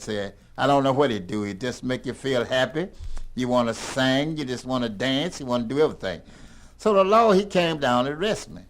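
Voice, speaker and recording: An older man telling a rambling tall tale in a folksy, animated drawl. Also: mid-range voice, creaky. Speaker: storyteller.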